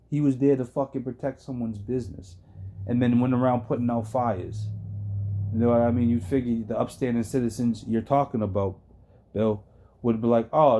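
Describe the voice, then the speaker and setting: A man's voice: mid-range voice, dark tone. A man hosting a stream, reacting sarcastically to a video. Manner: sarcastic, interjecting. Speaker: streamer host.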